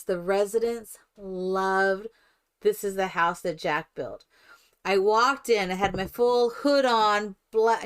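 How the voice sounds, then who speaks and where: An older woman streaming herself playing a game, chatting in a rambling, animated storytelling way. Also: medium pitch, clean tone. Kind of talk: casual chat while playing a life-simulation game.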